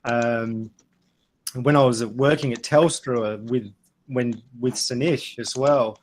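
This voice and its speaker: A middle-aged man with an Adelaide Australian accent, chatting casually through a webinar about accents, relaxed and anecdotal, with frequent fillers. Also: medium pitch, takes it slowly. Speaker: guest speaker. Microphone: video call.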